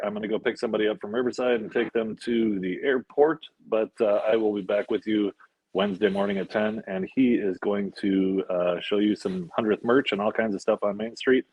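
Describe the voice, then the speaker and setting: A man co-hosting a livestream, speaking casually and haltingly, with many fillers. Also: on the low side, husky, dry recording, highs cut off. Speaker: co-host.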